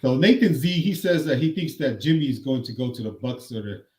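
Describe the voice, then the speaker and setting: A man's voice: medium pitch, lively intonation, brisk, a little mellow. A man hosting a casual sports chat, upbeat and laughing, reading out viewer comments. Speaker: host.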